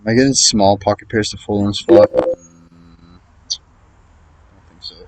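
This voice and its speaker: Over a rough recording, a man with a lowish, slightly mellow voice talks at normal speed in a steady tone. He streams his online poker session as casual commentary, thinking through hands aloud, muttering reads and cursing opponents' plays in exasperation.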